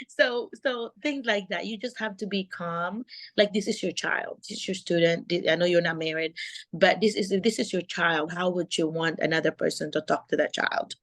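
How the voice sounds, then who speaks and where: A middle-aged woman, coaching teachers on a video call and acting out a calm classroom voice. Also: lowish voice, brisk. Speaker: host and teacher mentor.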